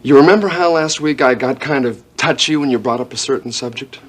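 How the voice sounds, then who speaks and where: An actor playing a coaxing, scheming boyfriend in a 1980s TV soap opera. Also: male voice, medium pitch, a little fast, close to an everyday voice. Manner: coaxing, persuasive. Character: smooth-talking scheming boyfriend, Clipper.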